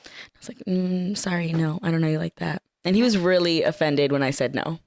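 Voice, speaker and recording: A woman's voice: sits low, fairly quick, darkish tone, no room sound. A young woman co-hosting a podcast, chatting candidly and filling her talk with "like". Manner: candid, frequent "like" fillers. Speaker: podcast co-host. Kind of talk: casual chat.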